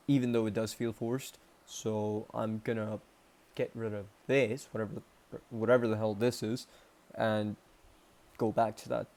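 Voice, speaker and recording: Slow, rambling young man vlogging. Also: fairly low pitch, creaky, a little mellow. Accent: Canadian. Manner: rambling and self-mocking, with many restarts and trailing pauses. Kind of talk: casual self-improvement vlog.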